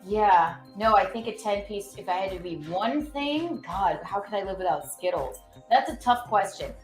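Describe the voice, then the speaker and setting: A woman hosting a casual cooking livestream, chatting in an animated, giggly way and reading out viewer tips. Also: mid-range voice, moderate pace. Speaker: cooking show host. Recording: echoey room with faint music.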